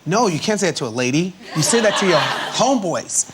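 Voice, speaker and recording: A man's voice: sits high, expressive, quick pace, background noise. Laid-back, playful man. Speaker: chat show guest, musician. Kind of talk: casual chat. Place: television studio with audience.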